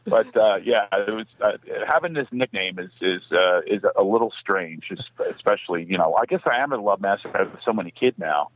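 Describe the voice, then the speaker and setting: A man calling in to a radio comedy show, spinning anecdotes and acting out little voices. His pitch swings up and down, and he laughs at his own lines. The line is dry and muffled. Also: fairly quick, few pauses, no room sound. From Philadelphia. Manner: animated storytelling, acts out voices and laughs often. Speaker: comedian guest. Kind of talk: radio call-in comedy chat.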